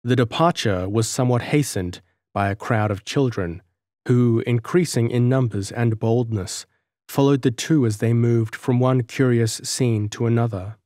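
Measured male audiobook narrator, dry sound. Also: medium pitch, darkish tone, no echo. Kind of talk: scripted narration.

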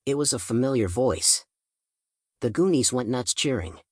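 A man narrating a first-person audiobook in a steady storytelling manner. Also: mid-range voice, normal speed, husky, no echo, studio quality.

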